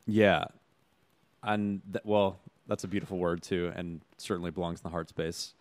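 Male interviewer, low-pitched, reflective, restarts his sentences while he searches for words. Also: steady tone. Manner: warm-hearted, halting, searching for words. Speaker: interviewer host.

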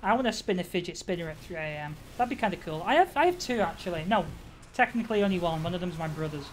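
A woman live-streaming a game, chatting casually with her viewers, reacting out loud, swearing and laughing often. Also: on the low side, animated, fast talker, a little hiss or hum. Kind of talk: casual gaming commentary.

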